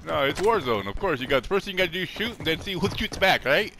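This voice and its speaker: An older gamer man with a rather high voice that leaps around as he talks. He jokes and calls out holiday greetings to the other players between quick remarks to his team. The game sound behind him is clearly noisy. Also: animated, bright, forceful tone. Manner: jokey, greets enemies with holiday wishes. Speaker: gamer streamer. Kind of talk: casual game chat.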